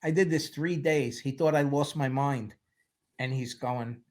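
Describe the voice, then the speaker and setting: A man in a casual interview, telling lively stories about making films and acting out what people said. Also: mid-range voice, normal speed. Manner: animated storyteller, acts out quotes, laughs often. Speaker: film producer guest.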